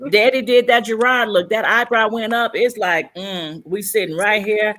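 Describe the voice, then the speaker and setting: A woman's voice: mid-range voice, normal speed, fairly bright tone, a little hiss or hum. A woman co-hosting a casual panel chat, telling stories and acting out the dialogue she quotes.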